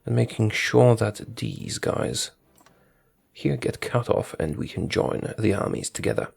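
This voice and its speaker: Casual game commentator, male, gravelly and husky, lively pitch, muttering orders to his troops. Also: a little slow, soft background music. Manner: thinks aloud, talks to his units, corrects himself. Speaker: strategy game streamer.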